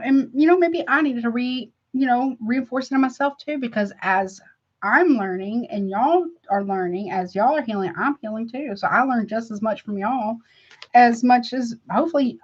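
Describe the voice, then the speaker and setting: A woman reads tarot for her viewers in a loose, chatty livestream, calling them honey and baby. Her voice sits fairly high, and she talks frankly with rambling asides. The recording sounds dull and lo-fi. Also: breathy edge. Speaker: tarot reader. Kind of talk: casual tarot reading livestream.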